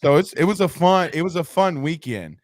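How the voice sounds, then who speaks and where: A man, hosting a sports talk show, telling stories in an animated, joking way. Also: a little high, fairly quick, no echo.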